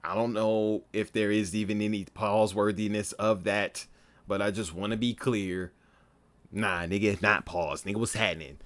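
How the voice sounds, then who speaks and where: A man's voice: fairly low pitch, moderate pace. A man giving casual, profane reaction commentary on a stream, talking animatedly and laughing often.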